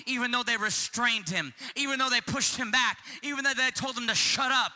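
Male preacher, fervent and repetitive, high piercing voice, reverb-heavy hall. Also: fairly even intonation, normal speed, few pauses. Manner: fervent, repetitive, builds to shouting. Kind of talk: sermon.

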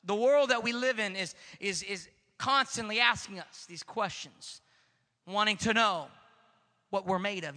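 A man's voice: sits high, pushed and bright, long reverb tail. A man preaching a sermon in a church sanctuary, emphatic, with call-and-response and repeated words. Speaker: pastor.

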